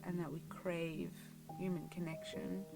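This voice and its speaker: South african girl vlogging from her car, kinda low voice, super candid storytelling, music going in the back. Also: little pitch movement, a little slow, vocal fry, poor audio. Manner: frank, conversational, emotional confessional tone. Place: inside a car.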